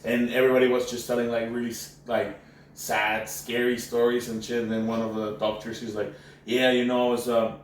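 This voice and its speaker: An animated man from Mexico, a native Spanish speaker, who tells stories in a loose, slangy way, full of "bro"s and restarts. He is picked up from a distance by the mic. The room is very echoey, with a faint hiss behind him. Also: mid-range voice, fairly quick. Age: adult, former university professor. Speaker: podcast host. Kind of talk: casual storytelling chat.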